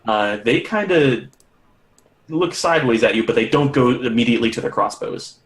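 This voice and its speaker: Dude running a tabletop game, swears a lot, mid voice, roomy echo. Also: male voice, mid-range voice, lively intonation, normal speed. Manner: casual, profane, laughing narration. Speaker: game master. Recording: echoey room.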